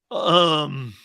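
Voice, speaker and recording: A middle-aged man hosts a sports talk show in a loose, joking way. His voice sits a touch higher than most men's. He laughs often, trails off and restarts his sentences as he banters with his crew. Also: vocal fry, bright, forceful tone.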